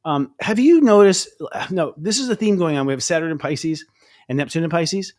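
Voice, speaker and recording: A man hosting a casual interview chat, rambling and excitable, with lots of fillers and restarts. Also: fairly high pitch, moderate pace. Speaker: astrologer host.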